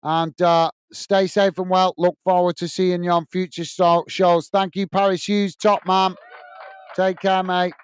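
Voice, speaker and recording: An Englishman's high voice, clear and resonant with little pitch movement, comes through at a measured pace in a dry recording. He's hosting a football watch-along, casually reading viewer comments aloud, saying uh a lot and calling people mate.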